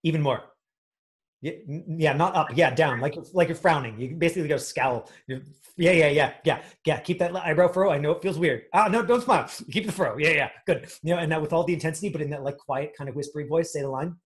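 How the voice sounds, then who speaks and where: A man's voice: fairly high pitch, fast talker. A man coaching an acting class, talking in a rambling way with many fillers and restarts.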